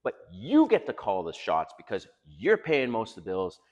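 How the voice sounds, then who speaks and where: Blunt middle-aged man with lively delivery. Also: lowish voice, moderate pace, lo-fi sound. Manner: emphatic, blunt, profane, lecturing. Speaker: dating advice vlogger. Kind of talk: casual monologue to camera. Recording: long reverb in the room.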